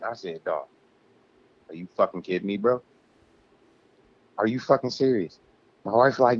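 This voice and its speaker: A man's voice: lowish voice, normal speed, long pauses, darkish tone, dry recording, dull audio. A man co-hosting a casual podcast, ranting heatedly and swearing a lot. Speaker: podcast co-host.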